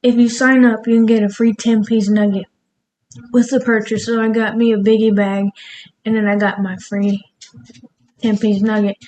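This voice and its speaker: A woman's voice: a little high, little pitch movement, normal speed, darkish tone, a little hiss or hum, rough recording. A woman cooking in her home kitchen, rambling casually and laughing at herself as she talks through her recipe. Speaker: cooking vlogger. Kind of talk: casual cooking vlog chat.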